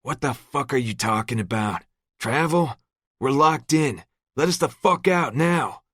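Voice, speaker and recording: Man playing a raging, cursing young man, raised pitch, loud; audiobook character. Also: big pitch swings, moderate pace, no echo, studio quality. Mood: furious. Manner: shouting, profane.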